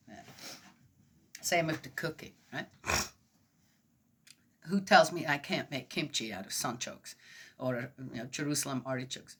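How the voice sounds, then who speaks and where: A woman's voice: deep voice, fairly bright tone. A middle-aged woman giving a casual, rambling reflection on a Bible passage, often asking "right?" and laughing. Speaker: host of a Bible reflection talk.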